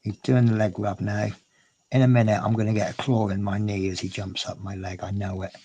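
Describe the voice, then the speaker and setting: A man's voice: lowish voice, little pitch movement, brisk, dark tone, a little hiss or hum. Chatty man streaming from home. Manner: chatty, rambling, coos at his cat. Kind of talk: casual livestream chat. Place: at home indoors.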